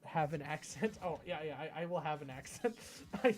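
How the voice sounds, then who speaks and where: A man's voice: a little high, expressive, fairly quick, a little mellow, slight background noise. An American man streaming live, chatting with his viewers in a rambling, chatty way. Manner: rambling and chatty, often reading chat aloud. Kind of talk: casual live-stream chat. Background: background music.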